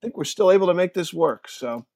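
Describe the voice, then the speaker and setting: A man's voice: sits high, animated, a little fast, gravelly, a little mellow, dry recording, studio quality. A man hosting a podcast in a casual, jokey, upbeat way. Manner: jokey, upbeat, self-deprecating. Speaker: podcast host.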